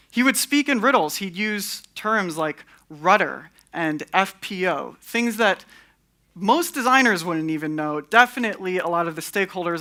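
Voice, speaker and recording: Bright-voiced man giving a wry conference talk. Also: sits high. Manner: wry, candid, sarcastic asides. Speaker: conference speaker. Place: conference hall stage.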